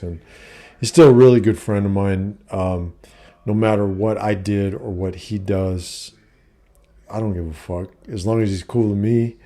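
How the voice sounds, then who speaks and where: A man's voice: lowish voice, warm tone. A middle-aged man telling a personal story in a casual vlog, blunt and profane, with lots of fillers. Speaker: vlogger giving life advice.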